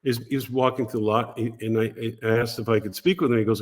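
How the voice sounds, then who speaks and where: Older man telling lively stories. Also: mid-range voice, fast talker, hardly any pauses. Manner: animated anecdotes, acts out other people's voices. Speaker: podcast guest. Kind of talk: casual storytelling interview.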